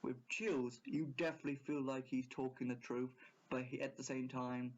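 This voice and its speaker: A man's voice: medium pitch, flat delivery, moderate pace. A man giving a casual, rambling video review, often hesitating and correcting himself. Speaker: YouTube reviewer. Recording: dull lo-fi recording.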